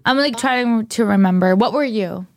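A young woman co-hosts a podcast, her voice a little high and her pace normal, recorded in a clean studio with no echo. In casual chat she tells a story, acting out both sides of each conversation.

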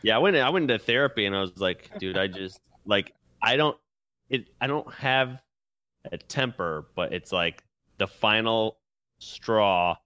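A man's voice: on the low side, lively intonation, unhurried, bright, forceful tone, clear, resonant tone, dry recording. A man co-hosting a podcast, chatting casually and telling rambling stories with frequent laughs. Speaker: podcast co-host. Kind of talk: casual chat.

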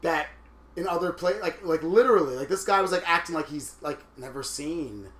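A flamboyant man in his thirties races through stories, his voice bright and somewhat high. He co-hosts a casual chat and plays every character he quotes. The room around him rings with echo. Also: brisk. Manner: animated storyteller, flamboyant, acts out quotes. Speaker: podcast co-host.

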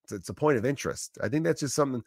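A man's voice: mid-range voice, very fast, no echo. Swearing, rambling man, dry close sound. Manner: animated storytelling, frequent restarts and swearing. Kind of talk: casual rambling monologue.

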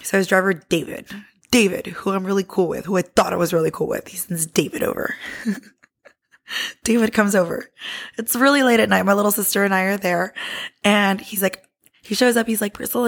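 A woman podcast host telling a personal story in a casual, candid, heavily profane way, animated and lively. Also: mid-range voice, normal speed, vocal fry.

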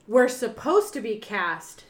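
Excitable woman podcaster in a roomy space. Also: a little high, slow, slight background noise. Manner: excited, animated storyteller, swears freely. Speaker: podcast co-host. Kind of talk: casual chat. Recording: roomy echo.

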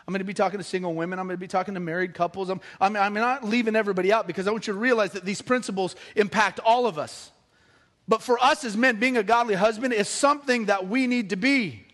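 A middle-aged man preaching a sermon, animated and joking with the congregation. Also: high voice, quick pace. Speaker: pastor.

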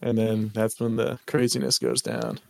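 A man's voice: lowish voice, sing-song, moderate pace, creaky, darkish tone. A man in a casual film chat, adding short, dry remarks.

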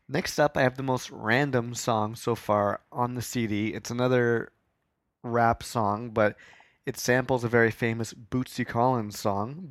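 A man's voice: mid-range voice, steady tone, a little slow, dry recording. A man with a Canadian accent hosting a podcast, chatting casually and rambling about songs with self-mocking asides. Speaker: podcast host.

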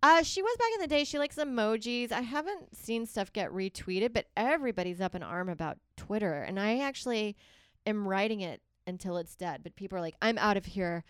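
Podcast co-host, woman, animated up-and-down delivery, smooth clear voice, laughs easily. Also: medium pitch, fairly quick, no room sound, studio quality. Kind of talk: casual chat.

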